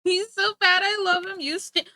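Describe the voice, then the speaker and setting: Giggly, bright-voiced woman streamer. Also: very high-pitched, fairly even intonation, normal speed, dry recording. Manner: chatty, giggly, talks back to chat. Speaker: livestreamer. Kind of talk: casual livestream chat.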